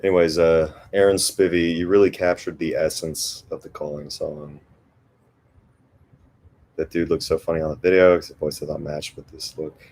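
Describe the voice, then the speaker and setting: Young male streamer, deep and easygoing, casual banter with viewers. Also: flat delivery, moderate pace, darkish tone. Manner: laid-back, joking, chuckles often. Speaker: livestream host and guitarist. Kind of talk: casual livestream chat reading comments.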